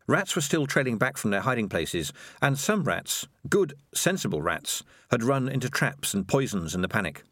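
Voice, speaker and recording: Male audiobook narrator, expressive and measured, dry booth sound. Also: medium pitch, no room sound.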